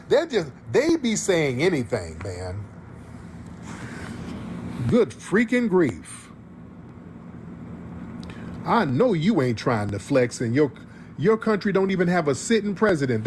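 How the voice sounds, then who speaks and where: A man's voice: a little high, slight background noise. A man from the United States hosting a livestream, ranting in heated, profane reaction commentary and repeating his points for emphasis. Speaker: livestream host.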